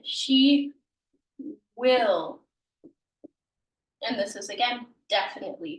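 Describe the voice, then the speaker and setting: Woman teacher, slow careful delivery, fairly high voice, echoey room, a bit off mic. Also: steady tone, far from the mic. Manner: patient, slow, sounding out words, self-correcting. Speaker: language teacher. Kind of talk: explaining grammar in a recorded lesson.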